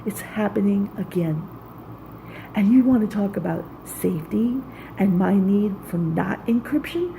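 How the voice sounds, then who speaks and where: A woman's voice: mid-range voice, lively intonation, measured pace, vocal fry, dark tone, slight background noise, low-quality recording. A woman speaking in an intense, raw, profane personal monologue, pouring out anger and hurt. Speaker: vlogger.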